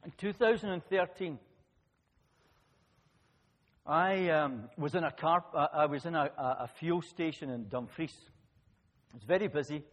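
Husky pastor telling a story. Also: male voice, fairly high pitch, unhurried, pauses often. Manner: animated storyteller, rising loud for emphasis, dropping quiet for asides. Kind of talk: sermon with storytelling. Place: church hall. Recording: long church-hall reverb.

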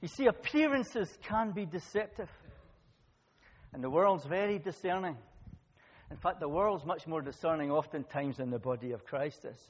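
A man preaching a sermon, telling a personal story with lively swings between loud emphasis and quiet asides. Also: high-pitched. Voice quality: husky. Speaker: pastor. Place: church hall. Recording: long church-hall reverb.

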